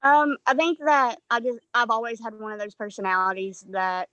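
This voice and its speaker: A woman's voice: on the high side, steady tone, moderate pace, bright, forceful tone, no room sound, lo-fi sound. A woman reflecting thoughtfully as a workshop participant over a video call. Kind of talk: reflective sharing.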